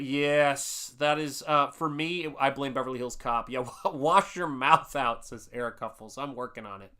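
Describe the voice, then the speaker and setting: This middle-aged U.S. host paints on a casual live stream, reading viewer comments aloud and rambling chummily with frequent restarts. His voice is mid-range, bright, and forceful, with a smooth quality.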